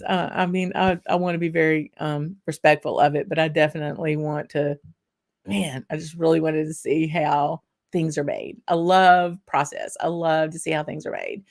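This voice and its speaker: A chatty woman with a Southern US accent hosts a relaxed whisky show, her voice sitting low for a woman. She rambles along with plenty of ums and light laughs, stopping now and then to savor a sip. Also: moderate pace, gravelly. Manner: tasting and sipping between remarks. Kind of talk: casual livestream chat.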